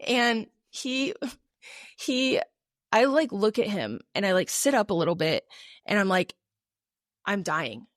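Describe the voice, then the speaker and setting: A woman's voice: mid-range voice, animated, measured pace, pauses often, no echo, clean studio sound. A young adult woman co-hosting a podcast, telling a personal story in a casual, chatty way with many fillers. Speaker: podcast co-host.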